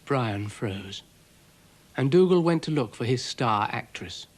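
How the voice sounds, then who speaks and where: Unhurried British man narrating a storybook. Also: medium pitch, animated.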